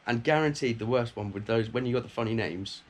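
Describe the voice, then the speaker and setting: A man's voice: mid-range voice, fairly quick, slight background noise. Chatty man co-hosting a chat show. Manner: chatty, plugs a travel business. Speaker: podcast co-host. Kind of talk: casual chat.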